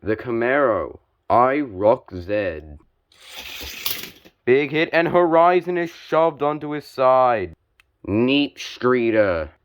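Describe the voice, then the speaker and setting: A young man giving play-by-play commentary on a toy car joust, calm and measured with sudden excited spikes on big hits. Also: medium pitch, muffled recording, a little hiss or hum.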